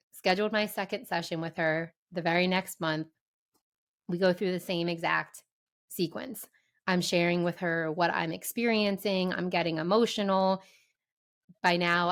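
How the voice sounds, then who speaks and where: A woman's voice: on the low side, creaky. A woman podcast host telling her own story in a casual chat, earnest and candid. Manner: earnest and candid, quick asides.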